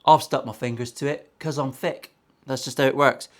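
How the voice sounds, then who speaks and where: A man's voice: mid-range voice, fairly even intonation, moderate pace. A man, a luthier chatting casually and sarcastically while building a guitar in his workshop, swearing freely.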